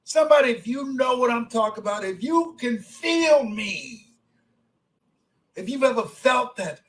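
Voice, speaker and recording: An older man in his seventies delivers a motivational speech in a strikingly high voice. He hammers his points with repeated phrases, dropping low and soft, then climbing to emphatic shouts. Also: animated, measured pace, rough recording. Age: 70s. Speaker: motivational speaker.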